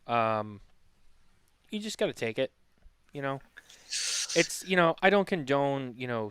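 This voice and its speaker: A man hosting a casual podcast chat, giving teasing, deadpan mock advice. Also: medium pitch, clean tone, no room sound. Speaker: podcast host.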